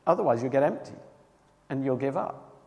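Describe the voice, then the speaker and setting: A man preaching a sermon, emphatic and earnest, moving between loud cries and hushed tones. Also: medium pitch, animated, brisk, vocal fry, big-room sound.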